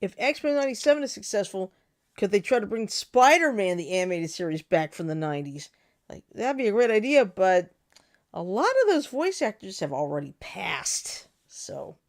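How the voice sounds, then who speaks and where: Woman, casual co-host chat, animated, laughs often, swooping lively pitch. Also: moderate pace. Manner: animated, laughs often, quotes cartoon lines. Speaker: podcast co-host.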